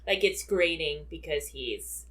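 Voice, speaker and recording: A woman's voice: deep voice, measured pace, a bit bright. A woman co-hosting a podcast, chatting casually about a film with many fillers and frequent laughter. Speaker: podcast co-host.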